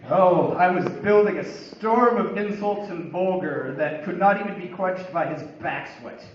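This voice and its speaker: A man's voice: sits high, unhurried, background noise. A man telling a humorous story about himself as a monologue, with wry, building comic exasperation. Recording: very echoey, distant, dull room recording.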